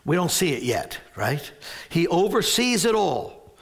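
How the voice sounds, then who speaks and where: A man preaching a sermon as pastor, telling a story with animated, loud exclamations. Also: a little high, unhurried, creaky.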